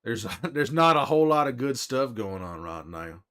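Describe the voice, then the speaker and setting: A man's voice: medium pitch, sing-song, moderate pace, fairly bright tone. A man playing a weary middle-aged male survivor in character on a livestream, with a put-on drawl and a folksy, chatty way of talking to viewers. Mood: easygoing. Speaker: streamer in character.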